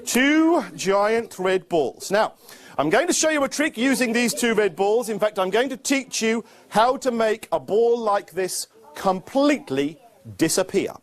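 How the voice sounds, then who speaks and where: Man, children's magician, lively swooping voice, fairly high, playful and coaxing. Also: measured pace. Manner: playful, animated, coaxing young helpers. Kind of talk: live magic show with teaching.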